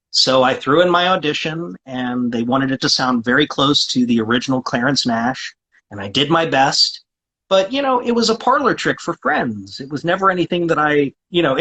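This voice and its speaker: A man's voice: mid-range voice, fairly bright tone, breathy edge, low-quality recording. A man being interviewed as a guest voice actor, chatting casually and talkatively, often restarting his sentences with fillers.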